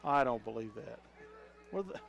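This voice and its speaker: Folksy man calling high school football. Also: moderate pace, vocal fry. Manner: folksy, excitable calls with chuckles. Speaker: play-by-play announcer. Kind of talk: local sports commentary.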